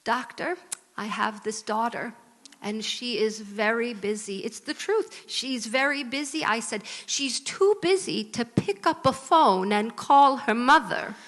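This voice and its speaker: A woman's voice: a little high, animated, a bit bright, big-room sound. A woman putting on a nagging, guilt-tripping mother. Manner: plaintive, guilt-tripping, drawn-out pleading. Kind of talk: live comedy sketch.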